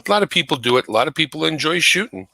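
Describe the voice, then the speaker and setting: A man's voice: fairly high pitch, expressive, racing, creaky, bright, forceful tone, slight background noise, rough recording. A man chatting casually from his home computer setup, explaining things at length. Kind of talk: casual chat.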